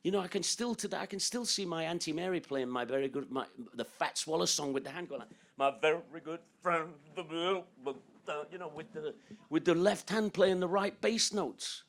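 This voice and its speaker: A man's voice: fairly high pitch, lively intonation, brisk. Older man telling stories with laughs. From England. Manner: rambling, joking, laughs often, breaks into song and quoted voices. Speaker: guest musician. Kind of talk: storytelling interview.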